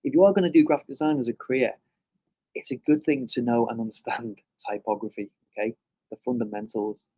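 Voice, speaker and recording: A middle-aged man giving a conversational classroom lecture, often checking in with "okay?" and pausing on "um". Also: mid-range voice, steady tone, mellow, husky.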